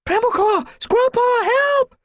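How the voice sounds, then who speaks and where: Man doing a young she-cat, timid, anxious, high breathless cries, audiobook. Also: normal speed, a bit bright, no echo, close to an everyday voice. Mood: panicked. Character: young female apprentice cat, frightened and anxious.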